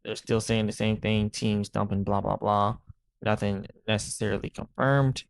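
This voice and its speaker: A man with a lowish, gravelly voice, hosting a crypto channel. He talks in loose, rambling commentary and checks in with "right?" again and again. The sound is dry and close, with no room around it. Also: steady tone, normal speed, no echo. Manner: rambling, repeats "right?" often. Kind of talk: casual market commentary.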